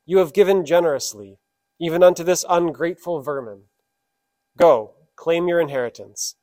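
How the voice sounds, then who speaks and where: Man reading mighty righteous turtle, solemn stern pronouncements, fairly high voice, dry. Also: moderate pace, mellow, no room sound, close to an everyday voice. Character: mighty, righteous male turtle passing judgment.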